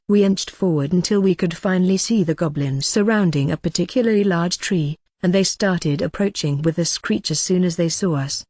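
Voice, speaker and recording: An audiobook narrator giving a steady, even scripted reading of a fantasy novel. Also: medium pitch, dry recording, studio quality.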